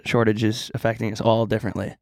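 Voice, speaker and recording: A man's voice: on the low side, little pitch movement, fast, dry recording. A young man co-hosting a podcast in casual chat, playful and rambling, joking around. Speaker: podcast co-host.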